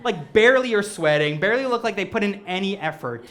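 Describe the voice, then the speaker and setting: Animated self-mocking male comedic storyteller. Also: high-pitched, fast talker. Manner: animated, self-mocking, acts out quoted voices. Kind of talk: stand-up storytelling. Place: stage before a live audience.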